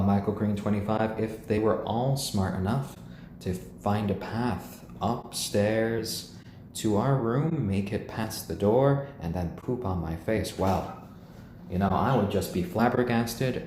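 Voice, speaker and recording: A man hosting a casual home live stream, gently cooing to his pet chickens and chatting with viewers. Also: on the low side, unhurried, echoey room, a little hiss or hum. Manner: chatty, answers viewers' comments.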